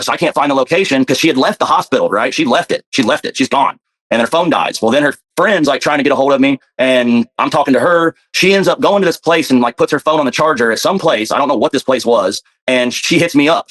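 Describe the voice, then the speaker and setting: A man talks at a very fast clip, rambling through his story. It comes out casual and profane, packed with fillers. His pitch sits in an ordinary middle range. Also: a bit bright. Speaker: guest telling his story.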